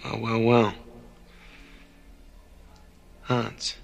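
A man's voice: medium pitch, completely flat delivery, drawn-out words, creaky, lo-fi sound, soft background music. An actor playing a defiant, wisecracking male cop hero who taunts his enemy with sarcastic, profane quips. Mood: taunting.

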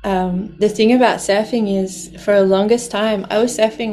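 A woman's voice: mid-range voice, fairly even intonation, moderate pace, darkish tone, soft background music. A woman telling a personal story in a heartfelt way, laughing often as she talks. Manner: heartfelt, laughs often, speaks of the ocean lovingly.

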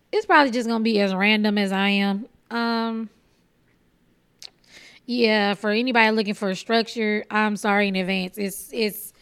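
Texas comedian lady going off on a podcast, cussing a lot, kinda high voice. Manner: profane, blunt, animated storytelling. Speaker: stand-up comedian hosting a solo podcast. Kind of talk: casual comedic rant.

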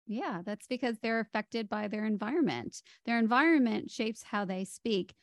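A woman's voice: on the high side, normal speed, no echo, clean studio sound. A middle-aged woman with an American accent, explaining speech patterns as a voice coach in an interview. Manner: explanatory, demonstrates speech melody with her voice. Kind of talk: podcast interview guest.

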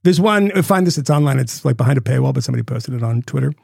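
A man co-hosting a podcast, telling stories in a rambling, profane, animated way. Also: medium pitch, racing, creaky, husky, dry recording, clean studio sound. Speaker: podcast co-host. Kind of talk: casual chat.

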